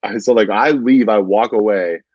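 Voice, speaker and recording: Rambling low-voiced man saying "dude". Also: moderate pace, darkish tone, dry recording. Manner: rambling, says "dude" constantly, many fillers. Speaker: stand-up comedian. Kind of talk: casual chat, storytelling. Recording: dull lo-fi dry sound.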